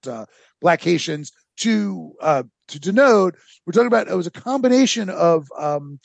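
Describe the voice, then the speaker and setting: A man's voice: sits high, gravelly, no room sound. A man hosting a casual history podcast, telling the story with rambling sarcastic asides and lots of fillers. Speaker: podcast host.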